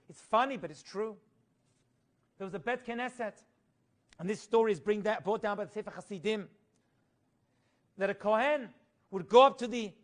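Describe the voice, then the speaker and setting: In a lively Torah class, a middle-aged rabbi with a high-pitched voice spins stories, breaking into song for quoted Hebrew phrases and tossing in jokes along the way.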